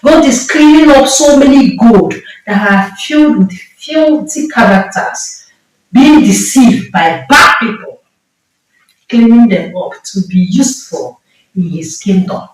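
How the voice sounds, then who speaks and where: A woman's voice: fairly high pitch, lively intonation, slow. Woman, Nigerian accent, emphatic sermon, heavy room echo, far from the mic. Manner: impassioned, emphatic preaching with repeated phrases. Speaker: preacher.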